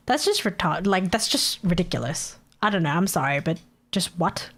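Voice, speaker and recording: A woman's voice: fairly low pitch, expressive, moderate pace, a bit bright. A woman streamer chatting casually, ranting with frequent swearing and laughter. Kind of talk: casual live-stream chat.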